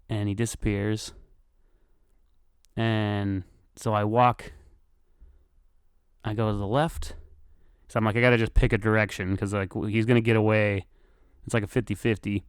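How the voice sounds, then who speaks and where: A man's voice: fairly low pitch, smooth, dry recording, studio quality. A man hosting a podcast, telling a profane story casually and acting out his own lines as he goes. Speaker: podcast host.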